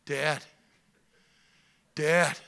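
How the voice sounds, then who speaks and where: A man's voice: on the high side, fairly even intonation, drawn-out words, vocal fry, pushed and bright, smooth, heavily acted. A male preacher voicing an eager grown son who insists on telling his father news. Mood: urgent insistent. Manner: urgent, insistent, rising to fervor.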